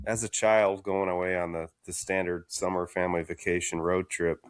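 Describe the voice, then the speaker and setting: A man from Michigan co-hosting a podcast, chatting casually with relaxed, wry asides. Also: sits low, normal speed, no echo, clean studio sound. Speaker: podcast co-host. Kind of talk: casual chat.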